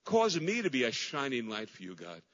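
A middle-aged male pastor preaching with fervor, his voice leaping from ringing cries down to hushed, near-whispered lines, phrases repeated for weight. The sound is a little dull and muffled, and his words trail off into a long echo from a big church hall. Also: medium pitch, wildly swooping pitch, moderate pace. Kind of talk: sermon. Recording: dull recording in a large reverberant hall.

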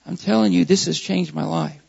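A man's voice: on the high side, a little fast, gravelly, darkish tone, breathy edge, in a large hall, highs cut off. A male pastor preaching a sermon, repeating key phrases with rising emphasis.

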